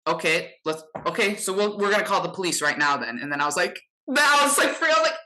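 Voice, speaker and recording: Woman podcast guest, bright voice, animated storyteller, casual. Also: fairly low pitch, quick pace, rough recording. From Chicago area. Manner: animated anecdote teller with lots of "like".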